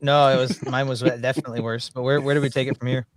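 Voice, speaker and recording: A man's voice: medium pitch, level tone, fast, no room sound, studio quality. A man in casual group chat on a stream, teasing dryly and explaining things patiently.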